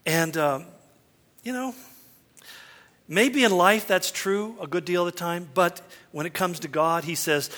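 Middle-aged guy preaching, folksy joking storyteller, highish voice, big hall echo. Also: lively intonation, normal speed, a bit bright. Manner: folksy, self-deprecating storyteller. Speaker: pastor. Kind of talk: sermon with personal stories. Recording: long hall reverb.

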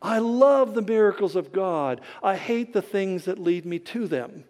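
A man preaching a sermon, telling the story with humor and lively acted-out quotes. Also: high-pitched, a little slow. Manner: animated storytelling with humor and dramatic quoted voices. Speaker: pastor. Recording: hall reverb.

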